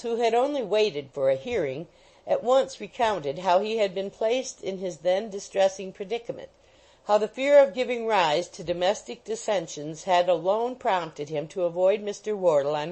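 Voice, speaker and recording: A woman reads a classic novel aloud for an audiobook. She keeps a middling pitch and a measured, expressive pace. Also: rough recording. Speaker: audiobook narrator. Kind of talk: scripted narration of a classic novel.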